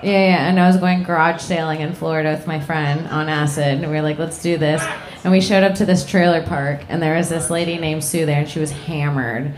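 A woman's voice: low voice, fairly quick, few pauses. A woman and podcast host telling a wild story in casual chat, swearing and laughing. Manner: lively, profane, laughing. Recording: roomy echo.

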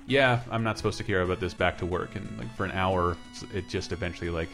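A man co-hosting a podcast, chatting casually in a rambling, animated way and swearing now and then. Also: deep voice, quick pace, gravelly, faint music behind. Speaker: podcast co-host.

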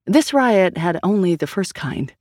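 Audiobook narrator, woman, steady even read; dry close mic. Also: on the low side, measured pace, dry recording. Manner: steady storytelling reading. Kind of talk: scripted narration.

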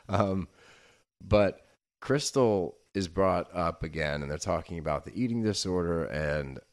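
A man's voice: deep voice, lively intonation, measured pace. A man co-hosting a podcast, recapping a reality show in casual, sweary chat that turns heated. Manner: heated, sweary, laughs easily. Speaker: podcast co-host.

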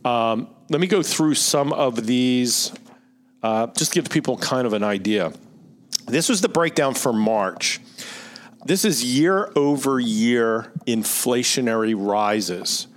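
A man's voice: mid-range voice, lively intonation, slow. A middle-aged man with a Philadelphia accent, hosting a retirement-planning podcast in a conversational, explanatory way that keeps checking in with "right?". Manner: explanatory, reads out figures, asks rhetorical "right?". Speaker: financial advisor podcast host.

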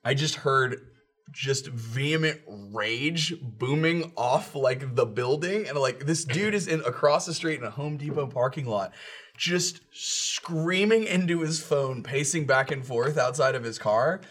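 A man on a casual group podcast, telling a story in a relaxed way and laughing as he goes. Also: mid-range voice, a little slow. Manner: laid-back storyteller, laughs while talking. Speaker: podcast host.

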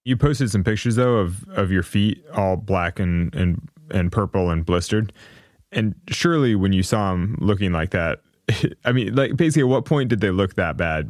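A man's voice: low-pitched, no echo, clean studio sound. A man hosting a podcast interview, easygoing and casual, often repeating words as he asks questions.

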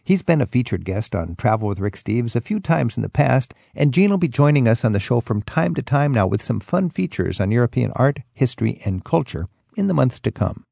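A man's voice: mid-range voice, sing-song, fairly quick, gravelly, hardly any pauses, warm tone, dry recording, clean studio sound. A man in his sixties from the Pacific Northwest of the United States, hosting a radio travel show with a friendly, storytelling delivery. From Pacific Northwest, USA. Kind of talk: scripted radio show introduction.

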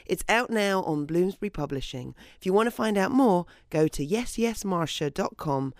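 A woman hosting a podcast, reading a brisk announcing outro. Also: fairly low pitch, lively intonation, darkish tone, no echo, studio quality. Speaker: podcast host.

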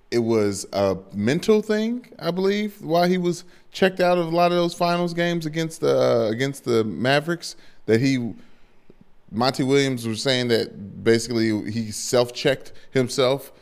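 A man's voice: mid-range voice, smooth. A man co-hosting a sports podcast in casual talk, playful and teasing, stammering when he gets defensive.

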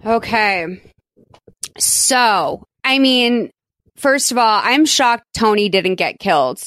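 A woman hosting a podcast who recaps a movie in a casual, animated and profane way. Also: a little high, slow pace, no echo. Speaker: podcast host.

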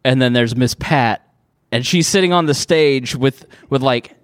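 A man's voice: mid-range voice, measured pace, clean tone, dry recording, studio quality. A man co-hosting a podcast who eagerly prompts stories and laughs along. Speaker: podcast co-host. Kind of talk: casual chat.

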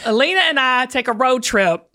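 A woman hosts a podcast in casual chat, telling stories with lots of laughter. Her voice sits high and swings widely in pitch. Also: normal speed. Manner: animated, laughing storyteller. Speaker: podcast host.

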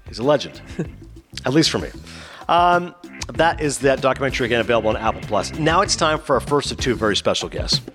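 A man hosting a talk show, retelling a documentary in a casual, animated way and slipping into quoted voices. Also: mid-range voice, a little fast, music in the background. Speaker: host.

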